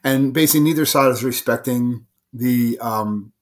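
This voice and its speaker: A man casually explaining history in a podcast conversation, quick and conversational with plenty of filler words. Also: mid-range voice.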